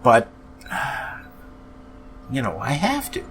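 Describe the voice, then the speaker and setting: A man's voice: mid-range voice, huge pitch swings, slow pace, slight background noise. A man hosting a podcast, ranting in an angry, profane way with frequent sighs, sounding depressed. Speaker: podcast host. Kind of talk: ranting monologue.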